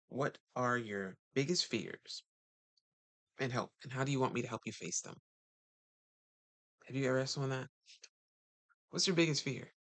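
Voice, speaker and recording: A man's voice: fairly bright tone, no room sound. Chatty man coaching on relationships. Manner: chatty, rhetorical questions, sudden pitch jumps. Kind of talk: casual talk to viewers.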